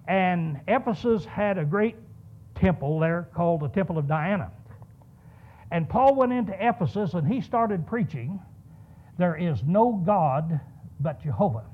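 High, lively-voiced male preacher on tinny audio. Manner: storytelling with rhetorical questions. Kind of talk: sermon. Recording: tinny phone-like sound.

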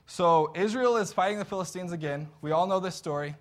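A man's voice: high voice, fairly quick. A man preaching a sermon in an earnest, conversational storytelling way.

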